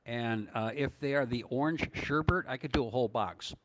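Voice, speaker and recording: A man's voice: medium pitch, normal speed, background noise. Rambling older man from Minnesota. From northern Minnesota, USA. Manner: rambling, hesitant, many fillers and chuckles. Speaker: vlogger answering live chat. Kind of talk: casual live-stream Q&A.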